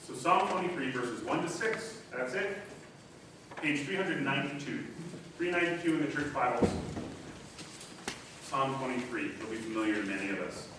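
A man preaching a sermon as pastor, reading scripture aloud slowly and with emphasis. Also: a little high, background noise. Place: church sanctuary. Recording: echoey church from a distance.

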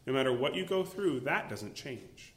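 A man preaching a sermon as a pastor, animated, acting out little voices and exclaiming as he goes. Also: medium pitch, normal speed, roomy sound.

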